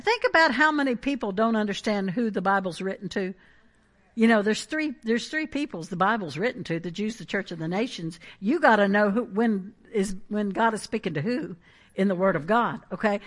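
A woman preaching a sermon in an animated, emphatic way, with asides and laughs. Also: mid-range voice.

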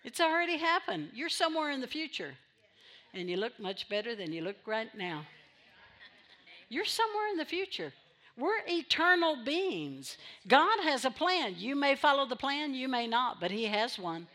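A woman's voice: fairly high pitch, big pitch swings, normal speed, fairly bright tone. A woman pastor preaching a sermon in church, repeating phrases for emphasis and drawing amens from the congregation.

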